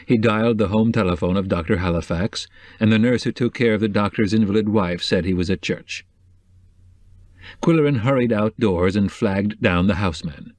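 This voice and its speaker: Measured man narrating a novel. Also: fairly low pitch, a little mellow, no echo. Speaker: audiobook narrator. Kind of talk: scripted narration.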